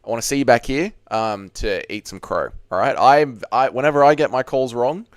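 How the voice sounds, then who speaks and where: A livestream host sits at his home desk running a laid-back fight watch-along, cursing openly and responding to viewer messages as he reads them. His voice is medium in pitch at a normal speed, and the recording is dry and studio quality.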